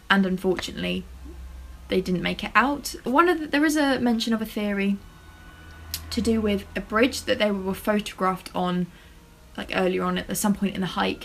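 A woman's voice: medium pitch, creaky, rough recording. Chatty woman vlogger who stumbles over words. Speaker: true-crime vlogger. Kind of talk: casual to-camera talk.

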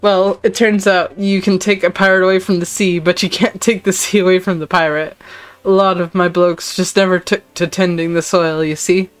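A woman voicing a weathered old male ex-pirate who now keeps an orchard, reading game dialogue aloud in a low, dry voice. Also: level tone, moderate pace, no room sound, close to an everyday voice. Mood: gruff.

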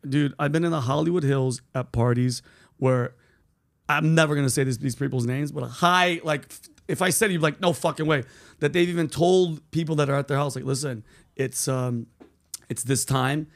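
Brief: male podcast host, loose profane storyteller, a bit high-voiced. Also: normal speed, creaky. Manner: profane, animated storyteller, says bro and dude.

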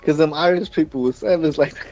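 A man's voice: a little high, fast, a little mellow, highs cut off. A man chatting casually as a podcast guest, laid-back and profane. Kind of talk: casual chat.

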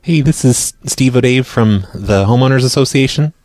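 A man hosting a live radio show and making prank phone calls, speaking deadpan and often stumbling over his words. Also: mid-range voice, moderate pace, no room sound, soft background music. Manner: deadpan, stammers and repeats words. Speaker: prank-call radio host.

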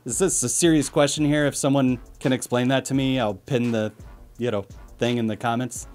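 A man's voice: medium pitch, fairly even intonation, normal speed, a little mellow. A man hosting a casual vlog in an easy mid-range voice. He rambles and pokes fun at himself as he goes. Faint music sits under his talk. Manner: chatty, rambling, self-deprecating. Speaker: video host.

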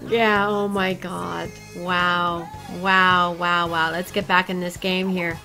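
A woman chatting casually and excitably with her viewers while she plays a game on a livestream. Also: fairly low pitch, slow, soft background music, poor audio. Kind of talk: casual gaming livestream chat.

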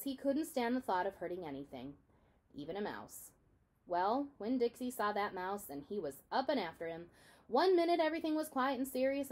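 A woman reading a children's novel aloud in an expressive storytelling manner. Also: on the low side. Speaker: reader.

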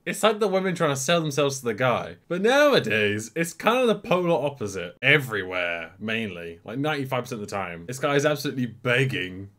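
A man's voice: medium pitch, brisk, hardly any pauses. A young man hosting a reaction video, making casual jokes and laughing often as he comments. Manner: joking, laughs often, lively asides.

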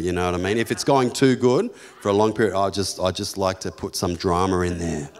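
An Australian man preaching as a pastor, telling jokey personal stories that build into loud, fervent preaching. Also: lowish voice. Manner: storytelling, jokey and lively, rising to loud preaching. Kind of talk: sermon.

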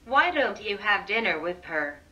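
A woman voicing a poor, humble old man who speaks gently and politely. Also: mid-range voice, very animated, a little slow, muffled recording, pitched below the performer's own voice.

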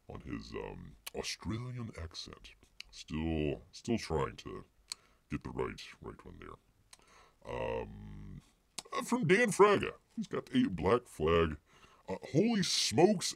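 A man hosts a casual live stream with a gravelly, fairly low voice. He rambles folksily, leans on filler words and calls himself by name. His pitch leaps around wildly, and the sound is close and dry. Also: huge pitch swings, slow, fairly bright tone, dry recording. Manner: rambling, refers to himself in the third person.

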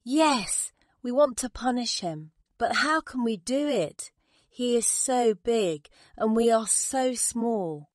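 A woman's voice: fairly high pitch, expressive, takes it slowly, dry recording, clean studio sound, pitched above the performer's own voice. A woman voicing a flock of small angry birds in a raised, earnest voice.

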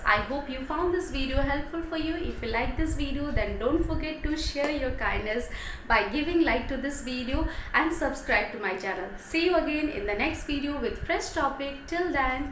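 High-voiced woman teacher, sing-song. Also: expressive, moderate pace, a bit bright. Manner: sing-song, coaxing teacher tone, addressing children. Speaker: teacher, channel host. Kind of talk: demo storytelling lesson for young kids. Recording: echoey room with faint noise.

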